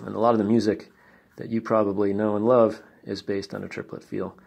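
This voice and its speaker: A man teaching drums, explaining patiently step by step and counting beats out loud. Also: fairly low pitch, level tone, brisk, vocal fry. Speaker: drum teacher. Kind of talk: instructional explanation.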